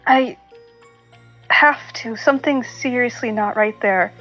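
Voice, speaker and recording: Higher-voiced woman on a dull, lo-fi mic. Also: slow, fairly bright tone, faint music behind. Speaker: player. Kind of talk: tabletop game play.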